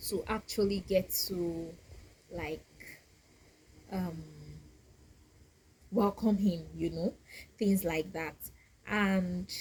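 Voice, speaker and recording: A woman speaks slowly and softly in a lowish voice, pausing often and circling back on her words as she reflects aloud for her viewers. Faint ambient noise sits under her casual vlog talk. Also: rough recording. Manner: slow, soft-spoken, thoughtful, with many pauses and restarts. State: getting teary and emotional. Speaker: vlogger.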